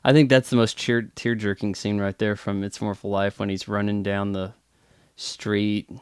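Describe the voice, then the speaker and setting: A man's voice: fairly low pitch, flat delivery, moderate pace, clean tone, dry recording, clean studio sound. A man giving casual movie commentary with chatty, wry asides. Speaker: film commentator.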